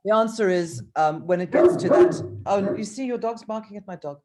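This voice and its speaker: A woman's voice: medium pitch, animated, moderate pace, mellow. A woman author reading from her own novel, then talking with hesitant ums and restarts over a video call.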